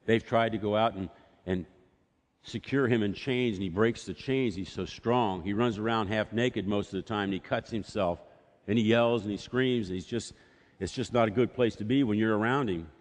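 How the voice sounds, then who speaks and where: A man's voice: on the low side, normal speed, in a large hall. A man preaching a sermon as pastor, telling a story and acting out voices from the scripture. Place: church sanctuary.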